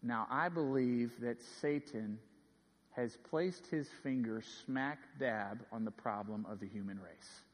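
A man in his thirties preaching a sermon, telling stories earnestly and swinging from ringing emphasis to hushed asides, in a large church sanctuary. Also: mid-range voice, unhurried. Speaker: pastor. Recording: long reverb of a large hall.

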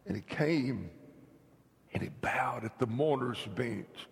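A man from North Carolina, preaching an emphatic revival sermon that swings between loud, shouted lines and hushed whispers. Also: mid-range voice, a little slow, gravelly, long reverb tail. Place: church sanctuary.

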